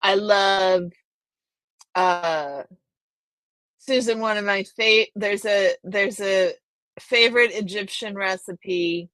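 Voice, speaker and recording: A woman's voice: medium pitch, takes it slowly, long pauses, fairly bright tone, no echo. A woman hosting a casual live stream, chatting with viewers and reading their names aloud. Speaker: livestream host.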